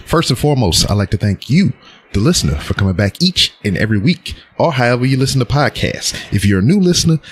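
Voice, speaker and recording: Husky-voiced man opening his podcast. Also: lowish voice. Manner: friendly, appreciative greeting. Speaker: podcast host. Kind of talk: casual show opening.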